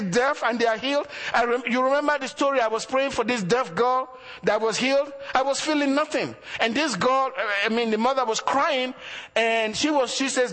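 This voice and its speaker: With a very high-pitched voice, a man preaches as a pastor, posing rhetorical questions and shifting from loud emphasis to quiet asides.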